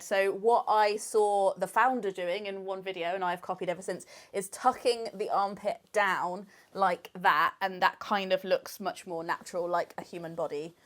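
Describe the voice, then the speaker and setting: British woman, chatty and giggly, explaining tips, mid pitch. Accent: British English. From United Kingdom. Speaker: vlogger. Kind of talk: casual tutorial chat. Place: indoor home filming space.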